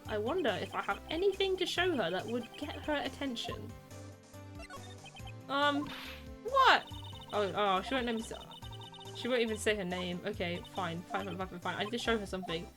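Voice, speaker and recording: A woman's voice: mid-range voice, animated, fairly quick, music in the background. Chatty British woman streaming a game. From Britain. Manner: chatty, self-deprecating, rambling. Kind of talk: casual game commentary.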